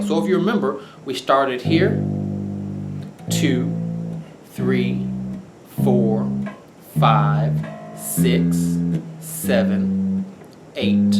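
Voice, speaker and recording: Male bass instructor, lively pitch, unhurried, counting tones, echoey room with bass notes. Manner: patient, counts out scale tones while playing. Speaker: bass guitar teacher. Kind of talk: instructional lesson. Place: room with bass guitar playing. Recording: roomy echo with bass guitar playing.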